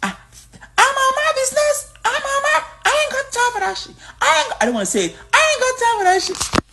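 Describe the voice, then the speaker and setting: A woman putting on the voice of a sassy, dismissive, fast-talking friend who brushes everything off. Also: expressive, lightly acted. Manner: high-pitched, brushing things off.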